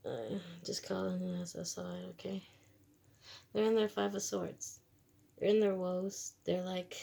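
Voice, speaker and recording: Lady tarot reader rambling on, blunt and slangy, low-ish voice with lots of fry. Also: steady tone, normal speed, warm tone. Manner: rambling, slangy, blunt, laughs between thoughts. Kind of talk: casual spiritual reading monologue.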